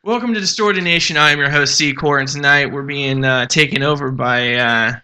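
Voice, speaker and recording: A man's voice: mid-range voice, a little fast, pushed and bright. A male radio show host chatting loosely with guests and swearing casually.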